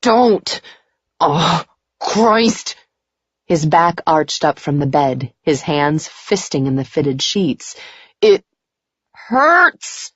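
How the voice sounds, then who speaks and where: A woman voicing an intense, tormented young man with a low, hoarse murmur. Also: fairly even intonation, measured pace, hardly any pauses, dry recording. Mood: anguished. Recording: slightly dull lo-fi recording.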